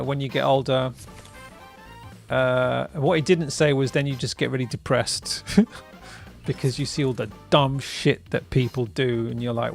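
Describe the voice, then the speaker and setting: A man's voice: medium pitch, creaky. A man hosting a live stream in casual chat, rambling and laughing often, tagging lines with "right?" and "bruv". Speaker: streamer host.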